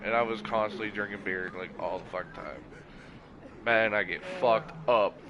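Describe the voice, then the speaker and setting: A man chatting casually while gaming, swearing often and telling animated stories. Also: on the low side, normal speed, dull audio, noisy background. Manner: profane, animated storytelling.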